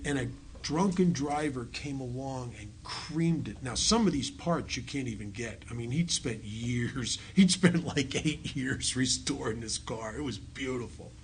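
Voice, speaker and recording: A man's voice: medium pitch, slight background noise. A middle-aged man, a speaker at a recovery meeting, tells his story to an audience with self-mocking jokes. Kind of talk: personal recovery talk to an audience. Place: meeting hall with a live audience.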